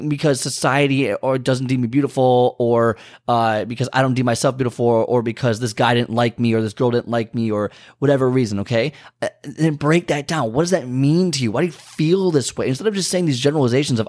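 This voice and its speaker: Animated man with a casual motivational talk. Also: fairly quick. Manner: talks to listeners directly, repeating "okay?" and stretching key words; animated, leaps in pitch and speed for emphasis. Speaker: motivational speaker.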